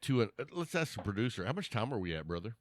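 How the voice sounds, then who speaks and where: Joking podcast host, lively voice. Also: male voice, on the low side, fast talker, no room sound. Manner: joking, teasing, animated. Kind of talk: casual chat. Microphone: podcast mic in a small studio shed.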